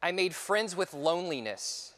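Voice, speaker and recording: A man's voice: sits high, big pitch swings, moderate pace, fairly bright tone. Man telling a story in a big hall. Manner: dramatic storytelling, dropping to near whispers for repeated phrases. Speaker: conference speaker. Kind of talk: personal story speech.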